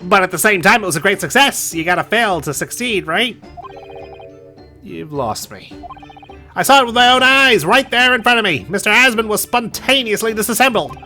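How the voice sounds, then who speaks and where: A man voicing an eccentric, excitable older male scientist who stammers and shouts his theories. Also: sits high, moderate pace, soft background music, pitched above the performer's own voice, heavily acted. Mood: flustered. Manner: stammering, loud, overexcited.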